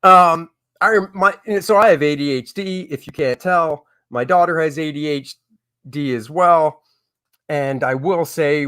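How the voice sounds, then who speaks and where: A man's voice: mid-range voice, a bit bright, no echo, studio quality. A middle-aged man hosting a comics live stream, chatting casually and reading viewer comments in a rambling way. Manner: rambling, chatty, with many fillers and asides.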